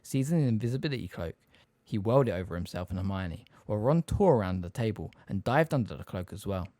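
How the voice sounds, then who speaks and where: Expressive man narrating an audiobook. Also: on the low side, fast, no echo. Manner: expressive, storytelling. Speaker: audiobook reader. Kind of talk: scripted narration.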